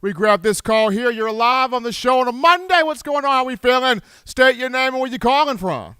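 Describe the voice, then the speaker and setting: Bright, high-voiced talk show host. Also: male voice, expressive, a little fast, smooth, no echo, studio quality. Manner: upbeat, stumbling over words. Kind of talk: call-in sports talk.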